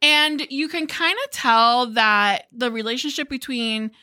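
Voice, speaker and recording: A woman hosting a casual podcast, chatty, giggly and quick to swear. Her voice sits fairly high and sounds bright and forward. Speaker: podcast host. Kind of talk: casual chat.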